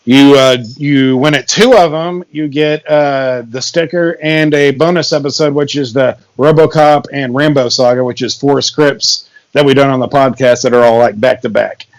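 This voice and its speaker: A man's voice: mid-range voice, fairly even intonation, normal speed, few pauses. A man co-hosting a comedy podcast, rambling and laughing often, with crude jokes. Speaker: podcast co-host. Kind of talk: casual comedic podcast chat.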